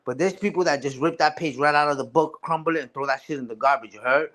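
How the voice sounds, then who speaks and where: A man's voice: a little high, quick pace, fairly bright tone. A man ranting casually and profanely on a live stream, repeating himself and asking "you heard?" again and again.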